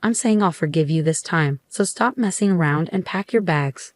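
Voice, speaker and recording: A woman's voice: on the low side, moderate pace, dry recording, clean studio sound, close to an everyday voice. A woman reading the lines of an angry, condescending husband in a storybook narration, bossy and scornful.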